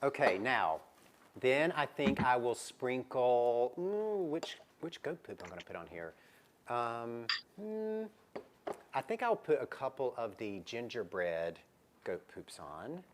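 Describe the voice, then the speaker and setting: A man co-hosting a live shopping stream, chatting and enthusiastically pitching products. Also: very animated, slow, a little hiss or hum. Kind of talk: casual live-stream chat.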